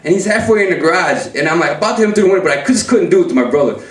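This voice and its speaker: A man's voice: on the high side, lively intonation, very fast, distant mic. A young man telling a profane, breathless story on stage at a live story slam. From Chicago. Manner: profane, breathless, acts out the voices of people in the story. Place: live event room. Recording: roomy echo, voice from off-mic.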